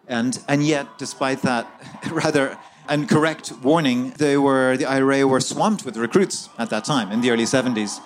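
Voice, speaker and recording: A man's voice: mid-range voice, moderate pace, few pauses, a little hiss or hum. A man being interviewed as an author, recounting events in a fluent, conversational way with frequent fillers and restarts, recorded at a festival. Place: outdoor festival.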